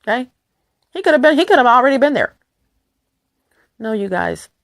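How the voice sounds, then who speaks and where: A woman talks straight to her viewers in a loose, wandering monologue. Her voice has a gravelly, creaky texture and sits lower and rougher than usual. She hammers her points home by repeating words in rapid runs. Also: lively intonation. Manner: emphatic, repeats words in bursts. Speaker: vlogger. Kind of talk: casual rambling monologue to viewers.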